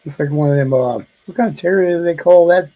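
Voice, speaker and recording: A man co-hosting a casual live stream, reacting to jokes with easy laughter and slow, rambling remarks. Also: on the high side, warm tone, low-quality recording. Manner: slow, laughs easily, gravelly. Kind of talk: casual chat.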